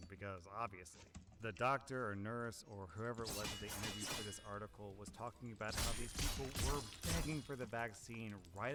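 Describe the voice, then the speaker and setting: A young man reading online stories aloud, adding sarcastic, animated asides between them. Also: fairly low pitch, very noisy. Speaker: Reddit story narrator. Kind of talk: reading online posts with commentary.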